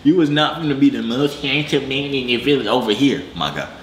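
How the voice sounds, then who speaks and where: A young man hosting a reaction video, joking in slangy casual commentary with sudden excited jumps in pitch. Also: brisk, echoey room, a little hiss or hum.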